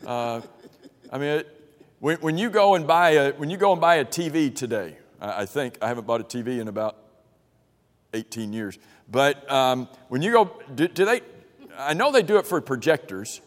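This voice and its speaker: A man's voice: medium pitch, expressive, moderate pace. A man teaching an interactive Bible class in a church room, reading verses and questioning the group in a casual, conversational way with frequent restarts. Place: church meeting room with a projector. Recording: long reverb of a large room.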